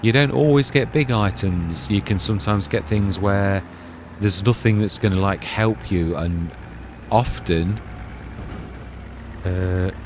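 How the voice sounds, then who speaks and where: A man's voice: on the low side, takes it slowly, long pauses. A man hosting a farming game let's-play, chatting casually and thinking aloud as he plays. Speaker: gaming channel host. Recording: clear background game noise.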